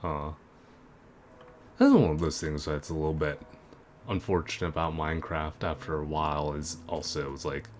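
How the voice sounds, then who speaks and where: This man's voice rumbles low and a little mellow, moving at normal speed with frequent pauses. He's a gaming video creator offering loose, rambling play commentary full of fillers and self-corrections, with game music underneath and slight background noise.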